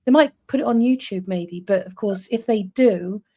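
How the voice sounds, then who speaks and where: Co-hosting a live stream, this North East English woman in her forties chats casually with viewers and laughs a good deal. Her mid-range voice has a dark tone and a moderate pace.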